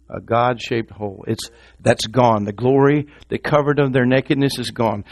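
A man preaching a sermon, swinging from loud, high exclamations to quiet, low lines and calling on the congregation to repeat after him. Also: creaky, no echo. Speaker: pastor.

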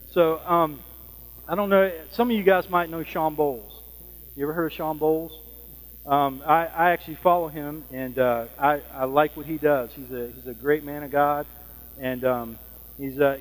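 A man preaching a sermon in a conversational way, often pausing to ask "Amen?". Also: a little high, long reverb tail, low-quality recording. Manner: conversational, frequent fillers and "Amen?" checks.

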